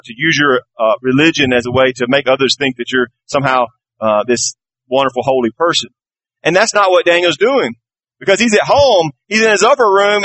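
A man preaching a sermon, earnest, with his voice climbing on emphatic lines and dropping low and soft at the close of points. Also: poor audio. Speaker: pastor.

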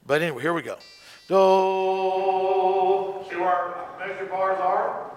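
Man, song-leading teacher, fairly high voice, long hall reverb around him. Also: brisk, a bit bright, husky, soft background music. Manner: explains conducting, breaks into hymn singing. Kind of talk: music lesson with singing.

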